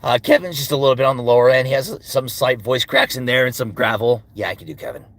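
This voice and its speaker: On a casual livestream Q&A, a male voice actor talks fast at medium pitch with a bit of brightness. He responds to fans' questions and slips into character voices between responses.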